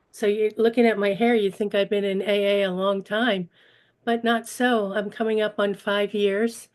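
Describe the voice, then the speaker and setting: A woman's voice: medium pitch, a little mellow. A woman in her sixties giving a personal recovery share, hesitant and emotional with frequent fillers. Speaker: meeting attendee sharing.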